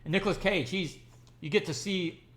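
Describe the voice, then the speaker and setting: A man reviews a movie in a loose, gushing way, tripping over restarts as he piles on praise. His voice sits a little high for a man. The talk is casual and unscripted. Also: normal speed, fairly bright tone. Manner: rambling, gushing, with frequent restarts and fillers.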